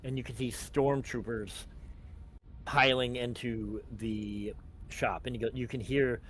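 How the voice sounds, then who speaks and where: A man's voice: mid-range voice, fairly even intonation, unhurried, fairly bright tone, a little hiss or hum. A man narrating a tabletop game as game master, casual and rambling. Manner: casual, rambling with many likes.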